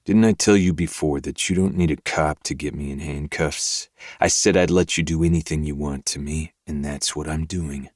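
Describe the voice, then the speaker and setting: A dark, possessive lover speaks in a very deep, slow, menacing purr, as a woman narrator puts him on. His voice sits low and close, in a dry, dead room. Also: steady tone, no room sound. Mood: teasing. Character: dark, possessive, commanding adult man lover. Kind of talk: audiobook narration.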